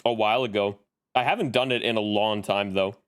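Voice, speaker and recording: Chatty male streamer, low voice. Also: fairly even intonation, brisk, clean tone. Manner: chatty, greets viewers by name. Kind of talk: casual livestream chat.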